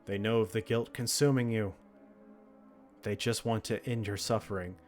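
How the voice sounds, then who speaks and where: A man reading the lines of a cold, judging entity made of many hands, in slow, solemn pronouncements. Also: lowish voice, fairly even intonation, soft background music, natural voice.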